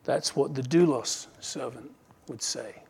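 A man's voice: mid-range voice, unhurried, creaky, a little mellow, husky. A man preaching an earnest sermon, acting out little dialogues and restarting words now and then. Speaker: pastor.

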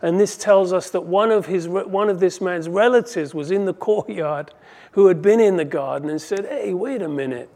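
A man preaching an expository sermon, reading scripture aloud and moving between emphatic and hushed delivery. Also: high-pitched, moderate pace.

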